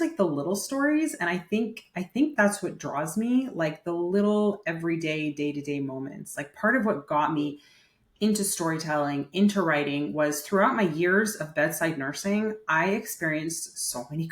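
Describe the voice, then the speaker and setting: Chatty woman, roomy echo. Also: lowish voice. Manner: chatty, many "like" fillers. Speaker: guest, nurse coach. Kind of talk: casual interview storytelling.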